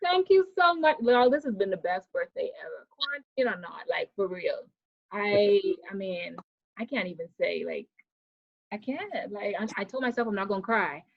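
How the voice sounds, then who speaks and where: A woman in her thirties, an author chatting live on a video call, excitable and quick to laugh. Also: mid-range voice, vocal fry, no room sound, muffled recording. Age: 30s. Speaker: author and birthday guest. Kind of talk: casual live video chat.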